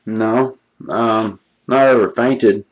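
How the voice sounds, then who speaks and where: A man hosting, answering slowly and sparsely. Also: lowish voice, steady tone, dull audio. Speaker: host.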